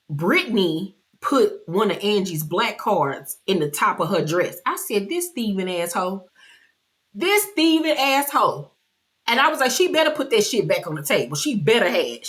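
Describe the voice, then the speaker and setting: A woman giving a casual recap of a reality TV episode, loud and brash with slang and swearing, often laughing and jumping high in pitch for mock outrage. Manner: animated, loud, with frequent laughter.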